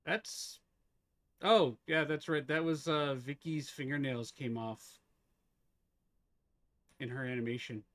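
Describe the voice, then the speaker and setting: A man's voice: mid-range voice, slow, pauses often, a bit bright, no room sound. A man streaming a game live, chatting casually with viewers, teasing them and laughing often.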